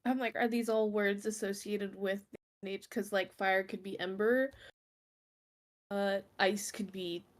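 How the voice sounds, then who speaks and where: A woman's voice: mid-range voice, fairly even intonation, a little slow. A woman player on a voice call, thinking aloud in a rambling, joking way. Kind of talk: casual tabletop chat. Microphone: home mic on a video call.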